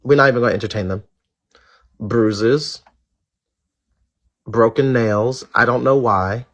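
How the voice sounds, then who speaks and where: A man's voice: mid-range voice, a little slow. A man hosting a live stream, talking straight to his viewers in blunt, outspoken commentary, swearing freely and repeating his points for emphasis. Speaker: live-stream show host.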